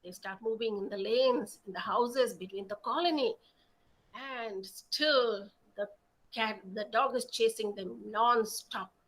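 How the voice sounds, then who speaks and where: A woman telling stories aloud in an expressive, dramatic way. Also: a little high, poor audio. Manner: expressive, slow, dramatic storytelling. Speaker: storyteller. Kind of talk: animated oral storytelling.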